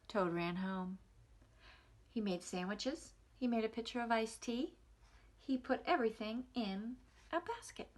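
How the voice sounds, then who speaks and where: A woman reading a picture book aloud to small children in a gentle, expressive way. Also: on the high side, unhurried. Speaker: nursery school reader. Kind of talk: storybook read-aloud for children.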